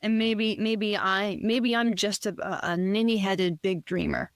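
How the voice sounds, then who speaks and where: A woman's voice: medium pitch, steady tone, a little slow, no echo, clean studio sound, natural voice. A woman voicing a tearful dreamy boy. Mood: upset. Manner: tearful, self-doubting. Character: upset young boy with big dreams.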